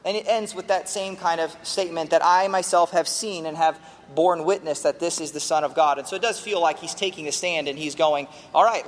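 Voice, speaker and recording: A man's voice: high voice, in a large hall. A man preaching an expository sermon as pastor, earnestly teaching through a passage and leaning hard on key words.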